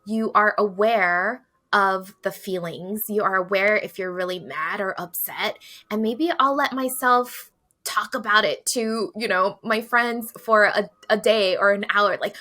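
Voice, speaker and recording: Bright woman guest on a podcast, animated, acts out her own quotes, laughs a lot. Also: medium pitch, unhurried. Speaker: podcast guest, tarot deck author. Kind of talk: casual spiritual conversation.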